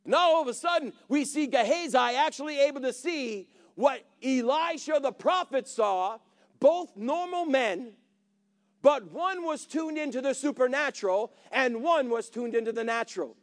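Brief: male preacher, very high voice, animated storytelling sermon with calls to the congregation. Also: normal speed.

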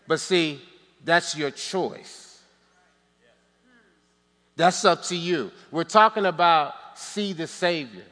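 A man preaching in a church sanctuary, his voice high and ringing bright. He calls on the congregation to answer back and drops playful asides between points. A long hall reverb trails every phrase. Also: takes it slowly, long pauses. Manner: preaching with call-and-response and joking asides. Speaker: pastor. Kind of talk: sermon.

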